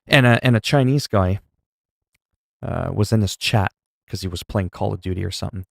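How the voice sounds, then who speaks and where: A man's voice: lowish voice, normal speed, creaky, no room sound. Man, livestreamer, casual gaming chat, opinionated, rambling, swears a lot, dry close mic.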